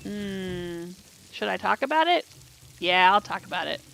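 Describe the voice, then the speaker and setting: A middle-aged woman chats her way through a narrative game, reading its lines aloud and thinking out loud about which reply to choose. Her voice has a gravelly, fry-touched edge at an ordinary pitch, with a faint hiss behind it. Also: sing-song, a little fast, low-quality recording. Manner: chatty, thinks aloud while choosing dialogue. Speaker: gameplay streamer reading dialogue aloud. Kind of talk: casual let's play commentary with read-aloud dialogue.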